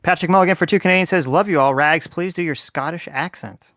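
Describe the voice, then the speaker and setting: A man with a slightly high voice co-hosts a casual livestream. He reads donor messages aloud and reacts with blunt, offhand comments. His voice sounds close and dry, with no room around it. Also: fast talker, a bit bright, no echo. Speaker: co-host reading donations.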